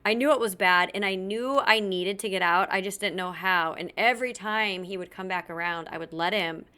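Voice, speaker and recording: Her mid-range voice is sharp, clear, and resonant, moving at a normal speed as she hosts a podcast. The woman candidly relates a personal story, not holding back on swearing and acting out the words of the people involved.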